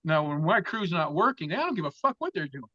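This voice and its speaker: A man's voice: fairly high pitch, a little fast, no echo. A man from Florida, a guest in an interview, telling a long story with lots of swearing and acting out the other people in it. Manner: profane, animated storyteller who acts out other people's lines. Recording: dull, lo-fi sound.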